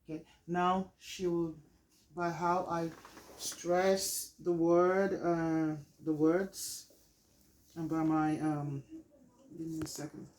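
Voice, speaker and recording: A teacher walks through a reading lesson plan. The delivery is halting and explanatory, with frequent pauses to gather thoughts. The voice sits at a middling pitch. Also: little pitch movement, darkish tone, a little hiss or hum, low-quality recording.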